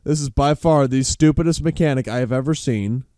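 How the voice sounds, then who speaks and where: Foul-mouthed sarcastic gaming commentator. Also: male voice, medium pitch, fairly quick, no echo, studio quality. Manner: sarcastic, swears constantly, bursts into yelling. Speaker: gaming channel host. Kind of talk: profane let's play commentary.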